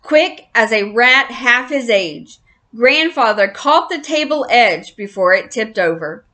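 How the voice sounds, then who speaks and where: A woman reading a children's chapter book aloud in an expressive storyteller's manner. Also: fairly high pitch. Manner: slow, expressive.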